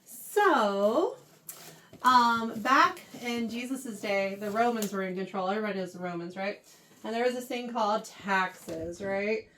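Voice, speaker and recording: A woman teaching a Bible lesson to a youth class, animated and often checking in with her listeners. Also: medium pitch, unhurried, a little hiss or hum. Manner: animated, keeps checking in with "right?". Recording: voice heard from far off the mic.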